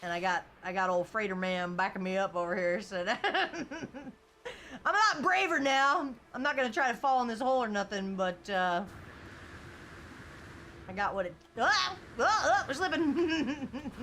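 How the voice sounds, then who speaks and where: A chatty woman game streamer talks at medium pitch and a moderate pace with lively intonation, her voice pushed and bright over slight hiss or hum. She reads viewer comments aloud in casual live-stream chat, rambling with lots of "like" and "you know," and laughs often.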